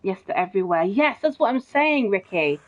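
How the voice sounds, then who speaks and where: A woman's voice: mid-range voice, sing-song, a little fast. Young girl chatting on her game stream, swears a lot, says bro, dull muffled mic. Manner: chatty and blunt, swears often, keeps saying bro. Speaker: gaming streamer. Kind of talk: casual live gameplay chat, reading viewer comments.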